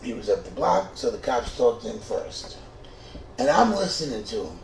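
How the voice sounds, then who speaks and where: A man's voice: mid-range voice, moderate pace. A middle-aged man telling a comic true story, swearing freely and stumbling over restarts. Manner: profane, stammering restarts, animated. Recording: echoey room, distant mic, faint noise.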